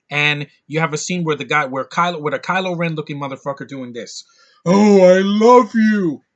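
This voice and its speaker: A man's voice: on the high side, sharp tone, highs cut off. Blunt, sarcastic man ranting. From United States. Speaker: movie reviewer. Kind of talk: ranting movie review.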